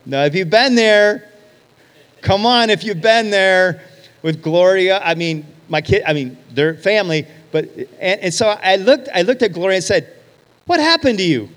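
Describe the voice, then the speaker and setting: High-voiced pastor preaching in a hall. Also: male voice, normal speed. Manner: lively storyteller, acts out quoted voices. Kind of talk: sermon storytelling. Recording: long hall reverb.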